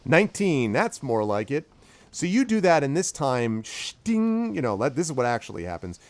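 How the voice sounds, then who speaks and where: A man's voice: medium pitch, big pitch swings, moderate pace, no echo. A man narrating as dungeon master for a tabletop game, enthusiastic and rambling.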